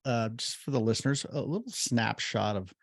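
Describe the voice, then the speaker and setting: An American man hosting a podcast interview, often halting with fillers and restarting his sentences. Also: medium pitch, gravelly, no room sound, clean studio sound. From United States. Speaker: podcast host.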